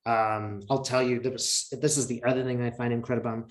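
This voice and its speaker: Male guest, mid-pitched, earnest and reflective, roomy echo on the call. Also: level tone, fairly quick. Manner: earnest, emotional, reflective, many fillers. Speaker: interview guest. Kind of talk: casual storytelling in an interview.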